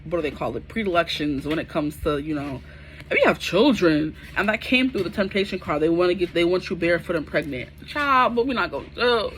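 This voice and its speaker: A woman's voice: fairly low pitch, fairly quick, slight background noise. Chatty young woman reading tarot cards. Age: 20s. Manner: chatty, slangy, animated asides. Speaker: tarot reader. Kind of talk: casual tarot reading to camera.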